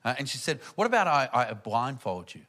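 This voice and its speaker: A man's voice: mid-range voice, big pitch swings, a little fast, background noise. A man performing a rambling, self-deprecating stand-up comedy set on stage, with audience laughter around him. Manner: rambling, self-deprecating storytelling with many fillers.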